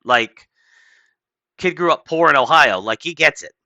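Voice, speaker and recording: A man's voice: a little high, animated, a little slow, pushed and bright, no echo, dull audio. A man casually reading an article aloud and breaking in with blunt, sarcastic, profane commentary. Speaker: political commentary host.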